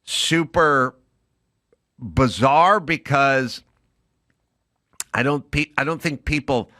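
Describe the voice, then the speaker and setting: A man's voice: medium pitch, slow pace, bright, forceful tone, dry recording, clean studio sound. A middle-aged man co-hosting a podcast, telling stories in an emphatic, ranting way. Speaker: podcast co-host. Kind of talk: casual chat.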